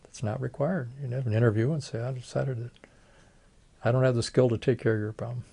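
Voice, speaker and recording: A man's voice: mid-range voice, fairly even intonation, fast, gravelly, warm tone, breathy edge. Older man telling folksy stories. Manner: folksy storytelling, acts out quoted voices. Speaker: retired plastic surgeon. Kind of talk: oral history interview.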